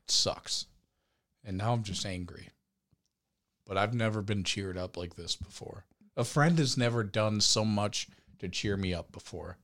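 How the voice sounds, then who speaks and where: A young man casually telling a crude story on a podcast, laughing and shouting out the lines he quotes. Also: fairly low pitch, measured pace. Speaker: podcast co-host.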